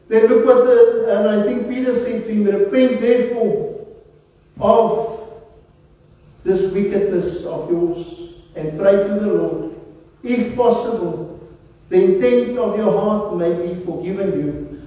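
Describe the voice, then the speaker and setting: A man's voice: high voice, a little slow, dark tone. A man preaching a sermon as pastor, repeatedly calling the congregation beloved. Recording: echoey hall, voice from far off, dull sound.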